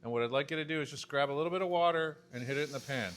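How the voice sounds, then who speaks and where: Pans and cutlery clatter loudly through this very noisy recording of a fifty-something chef joking his way through a cooking demo in a home-style kitchen. He talks very fast, his voice on the high side.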